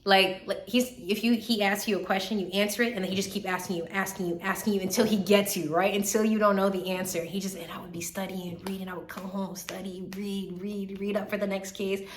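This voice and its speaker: A woman in her twenties, a medical student vlogging in a casual, animated way, tired and still recovering from being sick, with lots of fillers and repeated words. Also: mid-range voice, a little fast, hardly any pauses. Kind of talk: casual chat. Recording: echoey room, faint background hiss.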